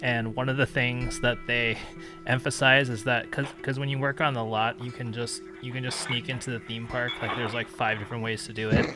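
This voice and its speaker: A man's voice: mid-range voice, level tone, brisk, over music. A man co-hosting a call-in talk show, chatting casually with wry, joking asides. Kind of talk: casual chat over a video call.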